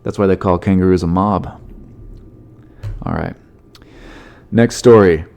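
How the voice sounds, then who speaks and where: A man's voice: low voice, measured pace, darkish tone, smooth. A man hosting a solo comedy podcast, rambling and joking through news stories and swearing freely. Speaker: podcast host.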